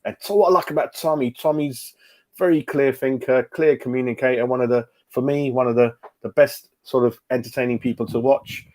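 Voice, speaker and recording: A man's voice: mid-range voice, steady tone, a little fast, darkish tone. A middle-aged man runs a casual fan livestream. He talks in a chatty way, greets viewers by name and often repeats his words as he goes. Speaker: fan channel host.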